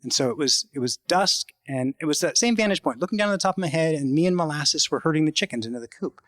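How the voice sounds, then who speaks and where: A man telling a true story about his own life in a halting, conversational way, acting out the voices he quotes. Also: on the high side, expressive, no echo. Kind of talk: live personal storytelling.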